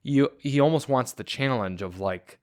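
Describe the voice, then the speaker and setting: A man's voice: mid-range voice, normal speed, no echo, studio quality. A man co-hosting a car podcast in casual chat, easygoing and opinionated. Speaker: podcast co-host.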